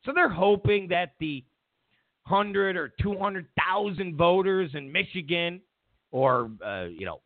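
A man's voice: high-pitched, animated, slow pace, no echo. A man hosting a talk show, delivering a heated, mocking political monologue full of repeated phrases. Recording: tinny phone-like sound.

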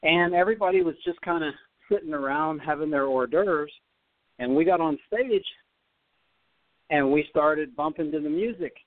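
Animated male storyteller over a phone line. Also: on the high side, moderate pace, no room sound. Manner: animated, repeats words while telling a story. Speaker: podcast guest, former tennis player. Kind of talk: storytelling in an interview.

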